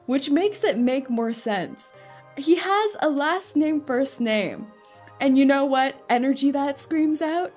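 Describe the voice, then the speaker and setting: A woman streaming a game in casual chat, playful and rambling, with frequent giggles. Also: high-pitched. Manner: giggly, laughs often between thoughts.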